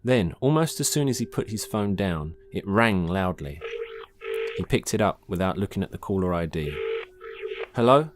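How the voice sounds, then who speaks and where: A man reading his own short science-fiction story aloud in a calm, measured narration. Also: low-pitched, a little hiss or hum. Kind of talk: scripted narration.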